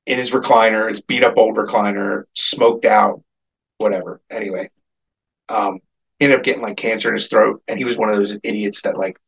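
A man tells a long, rambling story on a casual podcast, swearing freely and lifting his voice whenever he quotes someone. His voice is husky and slightly breathy. The recording sounds dull and lo-fi. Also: on the low side, brisk. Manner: rambling, profane, animated when quoting people. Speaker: podcast co-host.

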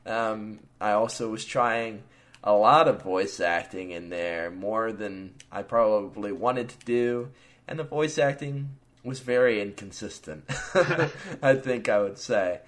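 A man's voice: fairly low pitch, takes it slowly, a bit bright. A man hosting a podcast, talking casually with frequent fillers and chuckles, then reading his own story aloud. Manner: laid-back, chuckling, many fillers. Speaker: podcast host.

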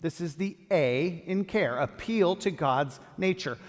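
A pastor preaching a sermon and reading scripture aloud with feeling. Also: male voice, on the high side, a little slow. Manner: expressive, reads scripture with feeling. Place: church hall. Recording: long hall reverb.

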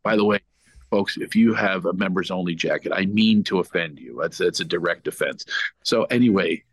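A middle-aged man from Philadelphia, a comedian guest on a podcast, telling an animated story that he breaks up with impressions. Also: low voice, moderate pace, no echo, rough recording. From Philadelphia, United States.

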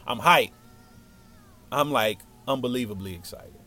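A man telling a story from his childhood in a casual, slangy, animated way. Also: mid-range voice, moderate pace, faint music behind.

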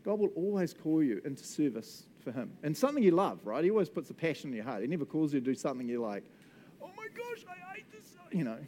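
Casual NZ preacher, male, animated and jokey, warm mellow tone. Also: fairly high pitch, fast talker, few pauses, a little hiss or hum. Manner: animated, laughing, acts out voices. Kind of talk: casual sermon.

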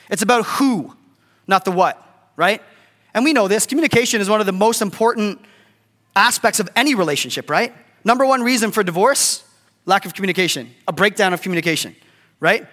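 A man's voice: sits high, lively intonation, fairly quick, fairly bright tone, in a large hall. A middle-aged man preaching a casual, conversational sermon as a pastor, often checking in with "right?". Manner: conversational, keeps asking "right?".

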